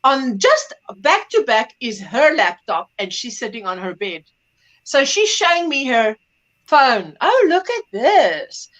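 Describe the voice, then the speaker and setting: Middle-aged woman host, bright high voice, animated chat, acts out the people in her stories. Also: a little slow, lo-fi sound. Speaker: livestream host. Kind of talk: casual chat.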